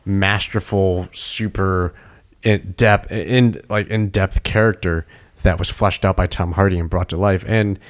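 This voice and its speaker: Low-voiced man rambling about movies. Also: steady tone, unhurried. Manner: rambling, restarts sentences, acts out quotes. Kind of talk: casual movie review chat.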